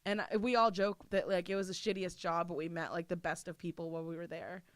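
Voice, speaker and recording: A woman's voice: lowish voice, fairly even intonation, quick pace, dry recording. A woman chatting casually as a podcast guest, laughing often and swearing freely. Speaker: interview guest.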